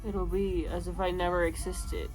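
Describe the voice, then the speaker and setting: A young woman talks to camera in a casual book vlog, emotional and swearing freely. She swings between loud outbursts and low, muttered complaints. Faint music plays behind her voice. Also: flat delivery, normal speed. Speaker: book vlogger. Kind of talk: casual reading vlog reaction.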